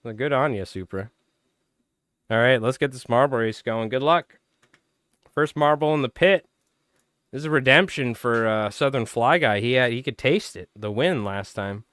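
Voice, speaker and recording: A man's voice: mid-range voice, moderate pace, fairly bright tone, dry recording, clean studio sound. A man hosting a casual fly-tying livestream, rambling loosely and chatting with viewers while his voice is strained and tired. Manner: rambling, loose, talks to chat by name. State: strained, tired voice, clearing throat. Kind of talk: casual live-stream chat.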